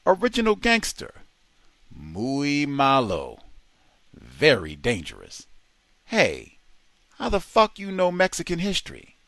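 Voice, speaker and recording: A man voicing a tough, swaggering male convict with a heavy Spanish accent and rough, profane talk. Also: on the high side, wildly swooping pitch, slow, long pauses, fairly bright tone, dry recording, pitched above the performer's own voice, exaggerated voice. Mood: streetwise.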